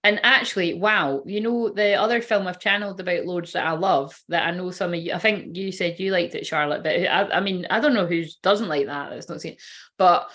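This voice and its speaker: A woman's voice: fairly low pitch, a little fast, a bit bright. A woman who works as a spiritual reader, chatting casually on a livestream, rambling, giggling and swearing freely.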